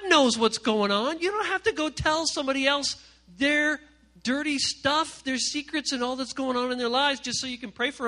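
A man preaching an animated sermon to young people, swinging from hushed asides to loud outbursts and acting out what people say. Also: extremely high pitch, moderate pace. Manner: animated, swings from hushed to shouting, acts out quotes. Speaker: youth pastor.

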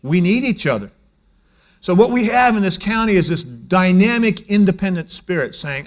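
Middle-aged pastor guy preaching, chatty then quiet then punchy, kinda high voice. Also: expressive, moderate pace. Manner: conversational preaching, shifts between hushed and emphatic. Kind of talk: sermon.

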